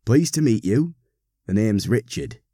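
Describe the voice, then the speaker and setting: A man's voice: fairly low pitch, expressive, unhurried, mellow, husky, no room sound, clean studio sound, exaggerated voice. A man voicing a courteous, slightly amused young man in his twenties in a story reading. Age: 20s.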